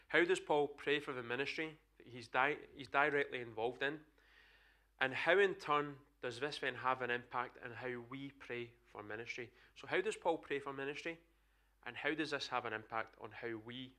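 A man's voice: medium pitch, bright, forceful tone. A man with a Scottish accent preaching an earnest, emphatic sermon to a church congregation. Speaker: pastor.

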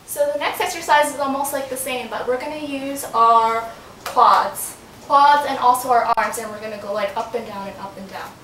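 A woman's voice: normal speed, fairly bright tone. A woman filming a casual home workout in her bedroom, chatting and talking to her baby as she exercises, getting out of breath. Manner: chatty, talks to her baby in a sing-song voice. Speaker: vlogger. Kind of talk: casual home fitness demonstration. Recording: roomy, from a distance with faint rumble.

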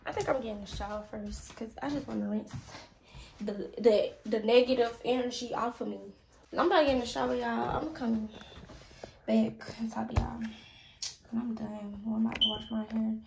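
A woman's voice: a little high, fast, creaky, noisy background. A young woman talking casually to her camera at home, blunt and cussing, sick and tired. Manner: frank, swears freely, tired and irritated. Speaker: vlogger. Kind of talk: casual vlog talk to camera. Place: at home, indoors. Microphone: phone camera.

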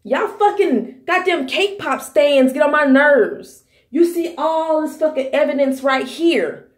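A woman's voice: high-pitched, slow, reverberant. A woman in her thirties hosting a podcast, delivering a heated, profane, scolding commentary rant. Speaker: podcast host.

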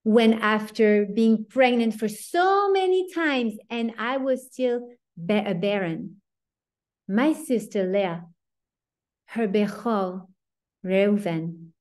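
A woman's voice: medium pitch, a little mellow, close to an everyday voice. A woman voicing the biblical matriarch Rachel, who pleads with God in a heartfelt first-person confession.

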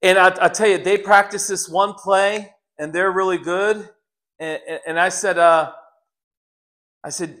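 A man's voice: sits high, a little slow, fairly bright tone. A middle-aged man preaching a sermon, telling stories earnestly with frequent restarts. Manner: earnest, storytelling with repeated restarts.

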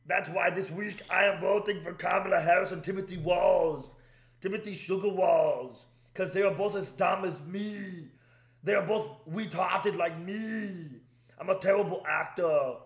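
A man doing a mocking, loud and brash impression of an older male celebrity politician. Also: sits high, a little slow, roomy sound.

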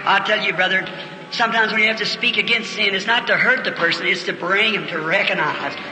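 A man preaching a revival sermon, telling a story in earnest and slowing into fervent prayer. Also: high voice. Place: church auditorium. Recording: old echoey hall recording with faint hiss.

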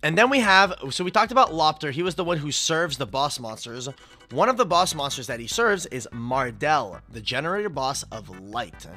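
A young man hosting a casual stream chat, excitable and quick to shout and swear when hyped. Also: fairly high pitch. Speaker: streamer host. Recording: game music in the background.

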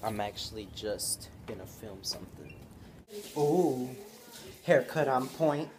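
A man's voice: mid-range voice, expressive, slow pace, darkish tone. A young man vlogging casually, joking around and baby-talking to his puppy, now and then slipping into Spanish phrases. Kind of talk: casual vlog chat.

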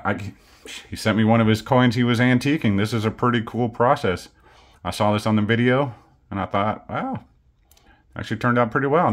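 A man, casually chatting through a coin unboxing vlog in an easygoing, self-deprecating way. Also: fairly low pitch. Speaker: coin collecting channel host.

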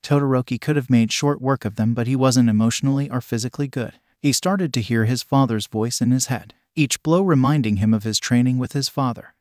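A man narrating a fan fiction story in an even, steady reading. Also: medium pitch, a little fast, hardly any pauses, no echo, clean studio sound.

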